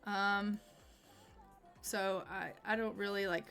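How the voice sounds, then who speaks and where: A woman's voice: mid-range voice, fairly even intonation, slow, a bit bright. A woman hosting casual gameplay commentary, chatty and full of fillers like "like" and "um". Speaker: gaming channel host. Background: faint game music.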